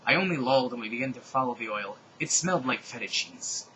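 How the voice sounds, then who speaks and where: A young man doing a comedic dramatic reading of a fan story, with animated delivery, shouted dialogue and mocking asides. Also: medium pitch, fast, dull audio, a little hiss or hum.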